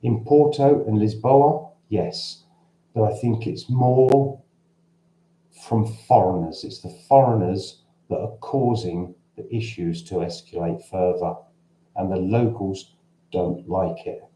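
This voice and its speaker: A London-born man with a Cockney accent hosts a casual livestream from his home in central Portugal, answering viewers' questions in a rambling, conversational way with frequent restarts. His voice is on the low side, slow and mellow, with a roomy echo.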